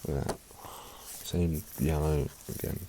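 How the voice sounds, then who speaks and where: A man's voice: very deep voice, fairly even intonation, unhurried, noisy background. A man vlogging in casual chat, rambling and emotional, swearing often.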